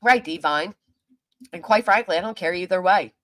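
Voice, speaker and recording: A woman's voice: fairly low pitch, moderate pace, fairly bright tone. A woman live streaming, ranting angrily with heavy cursing and talking back to her chat. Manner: heated, profane, talks back to chat. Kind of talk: angry livestream rant.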